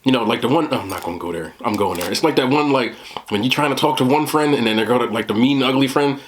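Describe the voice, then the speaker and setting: A man's voice: medium pitch, fast talker, a little hiss or hum. A man with a New Jersey accent doing a casual food review, blunt, profane and joking.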